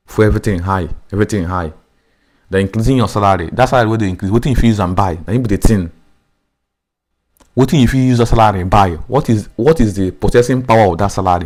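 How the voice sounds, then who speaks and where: A man with a Nigerian accent speaks in a fairly low voice. His delivery is emphatic, driving points home by repeating words and restarting sentences. He slips Pidgin phrases into his English. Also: a little mellow. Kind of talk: impassioned political opinion.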